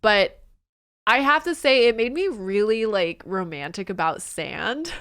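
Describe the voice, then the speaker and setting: A woman's voice: medium pitch, expressive, a little slow, fairly bright tone, smooth. A woman co-hosting a casual podcast, rambling with many fillers and breaking into playful squeals. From Filipino family. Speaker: podcast co-host. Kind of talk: casual chat.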